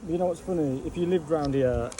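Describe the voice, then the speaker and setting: A man's voice: a little high, a little fast. Man, anecdotal and chatty, noisy outdoor buzz behind. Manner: chatty, tells anecdotes, laughs easily. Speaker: bee removal worker. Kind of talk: casual chat while working.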